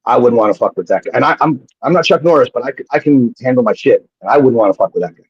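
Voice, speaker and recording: A man, a former pro wrestler appearing as a guest, telling animated and profane stories in a casual way, often restarting his sentences. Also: mid-range voice, very fast, slightly rough. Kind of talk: casual storytelling on a live show. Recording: dull lo-fi sound.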